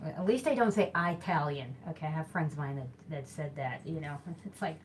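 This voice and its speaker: A woman with a Midwestern accent hosts a live stream with a slightly low voice. She talks in a loose, rambling way and keeps correcting herself mid-sentence. A faint background hiss sits under her voice. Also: brisk. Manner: chatty, rambling, self-correcting. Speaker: host of a live hula hooping show. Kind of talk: casual live-stream chat.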